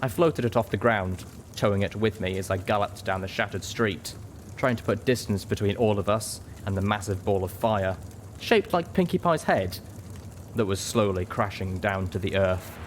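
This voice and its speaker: Low-voiced man reading a story aloud. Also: moderate pace, slight background noise. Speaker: audiobook reader. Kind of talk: first-person story narration.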